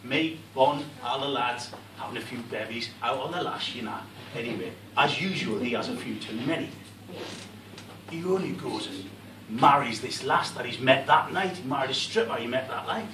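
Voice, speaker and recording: A man's voice: medium pitch, normal speed, natural voice. A man with a Scottish accent playing a crude, bragging middle-aged supervillain in a live comedy sketch, recorded in an echoey pub room from a distant mic with crowd noise. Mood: boastful.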